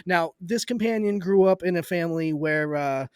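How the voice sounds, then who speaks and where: Animated high-voiced storytelling man. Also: normal speed, clean tone, no room sound, studio quality. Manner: animated storyteller, swears and laughs. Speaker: podcast guest, game designer. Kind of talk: casual storytelling chat.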